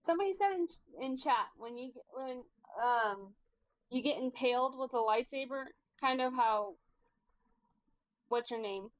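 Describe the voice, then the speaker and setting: High pitched woman on a stream, hesitant, lots of likes, muffled lo-fi audio. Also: measured pace. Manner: hesitant, lots of filler words. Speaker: watch-party co-host. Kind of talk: casual livestream discussion.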